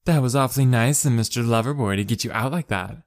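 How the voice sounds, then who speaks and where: A man's voice: medium pitch, fast talker, close to an everyday voice. A man voicing a proud, hot-tempered young woman who mocks and threatens. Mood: mocking. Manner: mocking and threatening.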